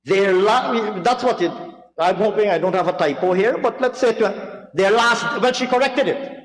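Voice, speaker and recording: A high-voiced man holds the floor in a parliamentary debate, his mocking, theatrical delivery full of repetition for emphasis. The sound bounces around a large, reverberant chamber with a long tail. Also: normal speed. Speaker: member of parliament. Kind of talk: parliamentary budget debate speech.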